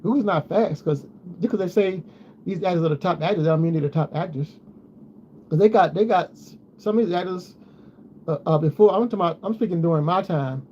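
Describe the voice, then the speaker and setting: A man's voice: high voice, fairly quick, mellow. A man chatting casually to his viewers, rambling and repeating himself as he goes. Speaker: vlogger. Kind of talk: casual chat. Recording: dull lo-fi sound with faint noise.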